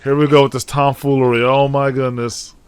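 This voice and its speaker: A man hosting a casual anime reaction, excitable and slangy, exclaiming at the screen. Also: medium pitch, a little fast, clear, resonant tone. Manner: slangy, says dude and bro a lot. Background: anime audio playing faintly.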